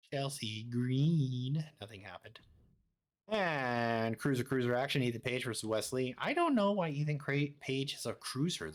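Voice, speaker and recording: A man giving quick, offhand commentary as he plays a wrestling management game. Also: mid-range voice, a bit bright. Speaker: gaming streamer.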